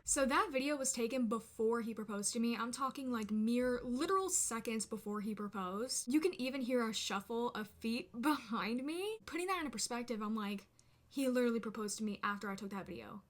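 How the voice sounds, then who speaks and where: A young woman vlogger chatting casually to the camera, telling a storytime with lots of "like" fillers and animated asides. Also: on the high side, a little fast.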